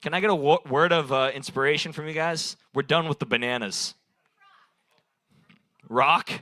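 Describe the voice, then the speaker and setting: A young man's voice, a little high and sharp in tone, comes through at normal speed with no echo. He's doing improvised crowd work at an open mic night in a bar, rambling, taking suggestions from the audience, and laughing at his own material.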